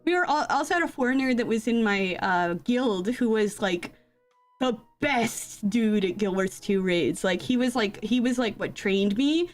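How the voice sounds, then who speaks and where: A woman's voice: on the high side, expressive, normal speed, soft background music. A young woman streamer chatting casually into a desk mic, telling rambling stories with frequent giggles. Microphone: desk microphone.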